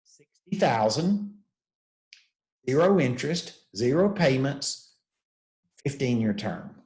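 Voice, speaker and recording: A man's voice: medium pitch, slow pace. Older man telling a story in an echoey room. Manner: animated storyteller, acts out dialogue. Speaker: real estate investing coach, guest. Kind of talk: storytelling teaching talk.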